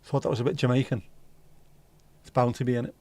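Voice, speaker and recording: A man hosts a relaxed livestream, rambling through viewer comments and swearing casually. His voice sits at an ordinary middle pitch. The sound is close and dry, with no room echo. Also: fast. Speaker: livestream host.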